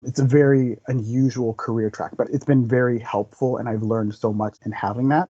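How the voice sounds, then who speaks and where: Thoughtful man with a mellow voice. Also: mid-range voice, fairly even intonation, normal speed, slightly rough, no room sound, muffled recording. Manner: earnest, thoughtful storytelling. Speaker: guest. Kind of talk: reflective interview talk.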